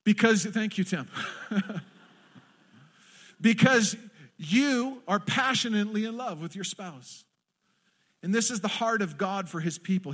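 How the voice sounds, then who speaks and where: A man's voice: high voice, lively intonation, measured pace, pauses often, fairly bright tone. A man preaching a sermon to a congregation, passionately acting out quoted prayers. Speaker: pastor. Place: church in front of a congregation.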